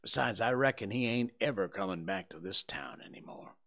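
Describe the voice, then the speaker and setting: A man's voice: lowish voice, animated. Man voicing Huck, a folksy backwoods boy. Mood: hushed. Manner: folksy drawl, hushed then breathless and quick. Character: rustic, superstitious boy in his early teens. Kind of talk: audiobook character voice.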